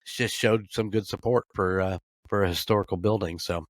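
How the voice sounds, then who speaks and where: Podcast co-host: American man, low voice, dry close sound, blunt and laid-back. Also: steady tone, a little fast, dry recording. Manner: laid-back, blunt and profane, with frequent fillers. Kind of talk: casual chat.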